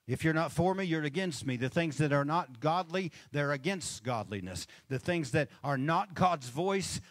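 Dry-voiced pastor preaching a sermon. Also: male voice, fairly high pitch, animated, moderate pace, no room sound. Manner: conversational, asks the crowd for amens; chuckles between points. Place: church stage.

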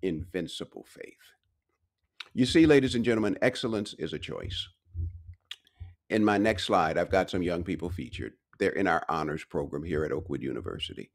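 A man's voice: deep voice, lively intonation, fairly quick. A man giving a short devotional sermon, preaching with emphatic repetition and rising, driving phrases. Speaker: pastor and university speaker.

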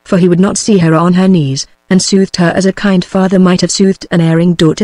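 A synthetic woman's voice with a British English accent, reading a novel aloud in an even, computer-made way. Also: fairly low pitch, fairly quick, no room sound. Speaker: audiobook narrator. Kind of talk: scripted narration.

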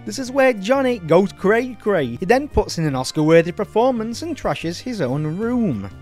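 Sweary sardonic film reviewer. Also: male voice, high-pitched, sing-song, normal speed, darkish tone, soft background music. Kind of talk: comedic film review narration.

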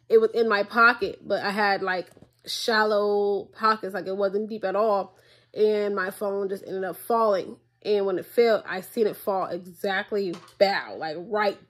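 A young woman vlogging at home into her tablet's mic, chatting to viewers in an exasperated, casual way. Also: medium pitch. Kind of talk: casual chat to camera. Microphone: tablet built-in mic.

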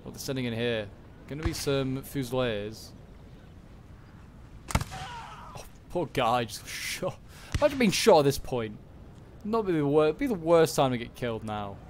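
A man's voice: mid-range voice, huge pitch swings, measured pace, long pauses, darkish tone, a little hiss or hum. A man giving casual, rambling commentary over a strategy game battle, full of fillers and self-corrections. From Britain. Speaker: gaming channel host.

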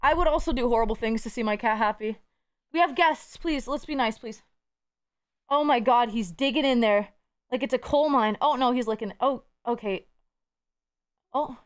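A woman's voice: on the high side, normal speed, pauses often, smooth. A woman streamer chatting casually with her viewers, playful and teasing, swearing freely and cooing to them in baby talk. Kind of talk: casual live-stream chat.

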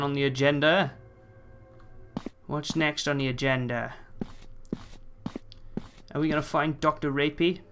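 Joking, cursing game commentator. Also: male voice, on the high side, bright, forceful tone. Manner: jokey, swearing, talks back to game characters. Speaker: let's play host.

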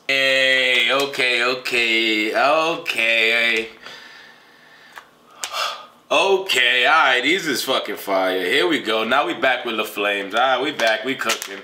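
A young man doing a casual unboxing vlog, talking in an animated, profane way that swings between griping and hype. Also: mid-range voice, takes it slowly, a little hiss or hum. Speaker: vlogger unboxing clothes.

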